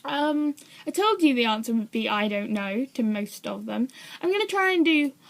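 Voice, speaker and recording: A woman's voice: a little high, expressive, moderate pace, gravelly. A young woman vlogging in a casual, rambling way, often hesitant and poking fun at herself. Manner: rambling, hesitant, self-deprecating. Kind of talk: casual chat to camera.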